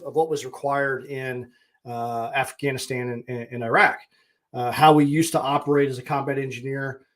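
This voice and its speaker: A man in his forties, a podcast host and coach, giving a candid, plainspoken monologue with blunt mild swearing. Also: medium pitch. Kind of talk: casual reflective monologue.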